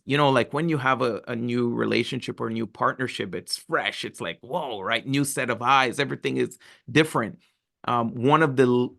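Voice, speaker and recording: A man's voice: medium pitch, vocal fry, fairly bright tone. A man co-hosting a family podcast, talking reflectively and thinking aloud. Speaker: podcast co-host. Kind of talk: casual chat.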